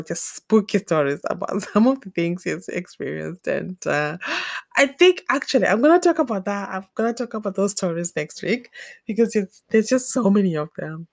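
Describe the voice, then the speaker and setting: A woman in her thirties from Zimbabwe, hosting a podcast and telling personal stories in a casual, animated way, laughing often. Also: gravelly, no room sound, clean studio sound. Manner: animated, laughs often, acts out scenes with pitch jumps. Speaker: podcast host. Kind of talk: casual storytelling monologue.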